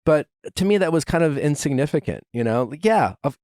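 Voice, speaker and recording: A man's voice: fairly high pitch, expressive, fairly quick, darkish tone, dry recording, studio quality. A man hosting a podcast, chatting casually and rambling with lots of fillers and restarts. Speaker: podcast host. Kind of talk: casual chat.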